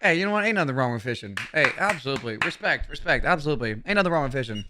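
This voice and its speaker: A man reacting to memes with casual, profane, excitable commentary. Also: medium pitch, racing, heavy background noise. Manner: profane, laughing, excitable remarks.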